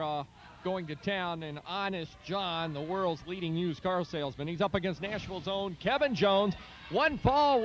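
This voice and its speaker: High-voiced enthusiastic wrestling commentator. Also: male voice, slight background noise. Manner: enthusiastic, run-on hype. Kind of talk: play-by-play commentary.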